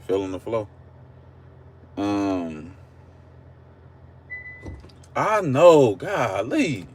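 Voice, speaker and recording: Sitting at a drive-thru, this Oklahoma man chats and rambles to his livestream viewers through a phone camera, cracking jokes. His voice is lowish and darkish, with big pitch swings and drawn-out words.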